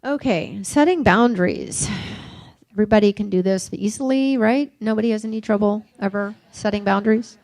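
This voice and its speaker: An older woman giving a reflective recovery workshop talk, mixing gentle questions with personal stories. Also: mid-range voice, normal speed, dry recording. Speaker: workshop speaker.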